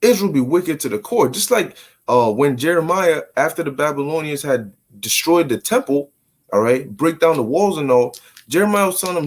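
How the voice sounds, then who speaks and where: A man teaching a casual bible study, slangy and animated, often repeating words as he restarts. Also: fairly high pitch, normal speed. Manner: slangy, stammering repetitions, animated. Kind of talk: casual scripture commentary.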